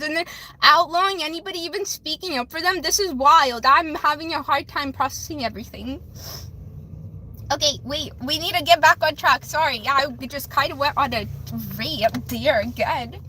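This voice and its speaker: A woman's voice: high-pitched, moderate pace, sharp tone. A woman hosting a livestream, talking in a rambling, emotional way, restarting sentences and saying "flip" instead of swearing. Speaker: livestream host doing readings for viewers. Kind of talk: emotional casual livestream talk.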